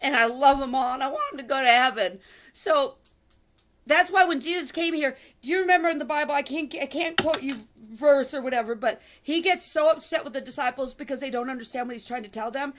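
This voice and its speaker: A woman's voice: sits high, a little fast, fairly bright tone. A middle-aged woman giving a heated, repetitive religious monologue, with fervent outbursts. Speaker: online religious speaker. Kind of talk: impassioned preaching monologue.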